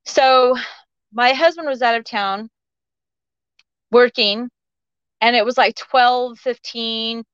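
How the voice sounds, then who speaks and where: Animated storytelling woman, muffled dry recording. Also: takes it slowly, long pauses, clean tone, no room sound. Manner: acts out the quoted voices of others with shifts in pitch. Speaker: podcast guest.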